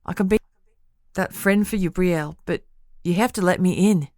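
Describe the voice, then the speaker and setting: Woman doing blunt fierce girlfriend voice, sharp, pushes hard. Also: lowish voice, moderate pace, no room sound, studio quality, lightly acted. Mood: firm. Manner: sharp, scolding, then firmly caring.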